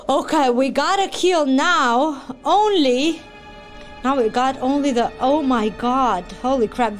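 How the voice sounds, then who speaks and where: A woman gaming YouTuber giving loud, excitable let's-play commentary, yelping, laughing and chatting with her viewers. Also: high-pitched. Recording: game music playing underneath.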